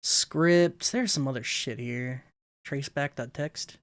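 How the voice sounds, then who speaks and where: A man's voice: mid-range voice, takes it slowly, fairly bright tone, no echo. A man streaming a game, commenting bluntly and swearing freely into a close desk mic at home. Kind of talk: let's play commentary.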